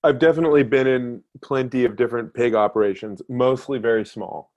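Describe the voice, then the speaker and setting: A man's voice: mid-range voice, brisk, darkish tone, highs cut off. A man interviewing, giving short, hesitant replies in a casual chat. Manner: brief, hesitant agreeing replies.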